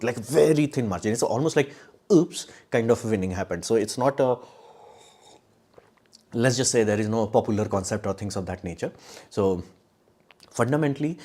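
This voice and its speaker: A man's voice: fairly low pitch, a little mellow. A man giving casual live-stream commentary in a blunt, sarcastic way, rambling with many restarts. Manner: blunt, sarcastic, mocks views in put-on quotes.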